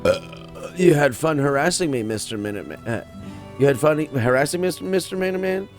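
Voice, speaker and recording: A man's voice: on the high side, lively intonation, a little fast, faint music behind, lightly acted. A man reading out the lines of a wary, puzzled male prepper who used to be an engineer.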